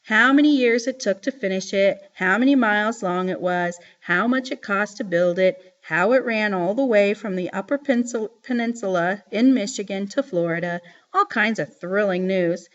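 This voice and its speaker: A woman reading a novel aloud in a lively storytelling manner. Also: medium pitch, normal speed. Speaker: reader. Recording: dull lo-fi recording.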